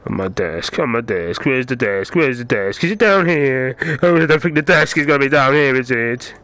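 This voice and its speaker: A man, playing a VR game and muttering frustrated, swear-filled commentary that breaks into yelling. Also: medium pitch, expressive, moderate pace, no room sound, faint music behind. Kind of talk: let's play commentary.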